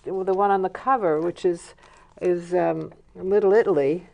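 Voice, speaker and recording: A woman's voice: on the low side, steady tone, moderate pace, gravelly, mellow, highs cut off. A woman hosting an art interview, mostly giving short affirmations and questions. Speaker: interview host. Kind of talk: interview chat.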